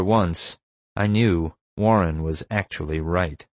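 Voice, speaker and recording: A man reading a first-person story aloud in a steady, measured manner. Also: low voice, no echo. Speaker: audiobook narrator. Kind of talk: first-person scripted narration.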